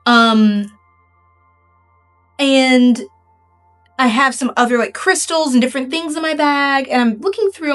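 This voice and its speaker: A woman's voice: fairly high pitch, fairly bright tone. A woman reading tarot for her viewers in a casual, rambling way, full of fillers and asking "right?" as she goes. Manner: addresses viewers directly. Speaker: tarot reader.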